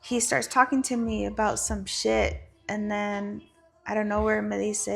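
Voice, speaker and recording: A woman's voice: mid-range voice, little pitch movement, measured pace, vocal fry, fairly bright tone. A woman talking frankly and profanely as a guest, telling a personal story with Spanish phrases mixed in.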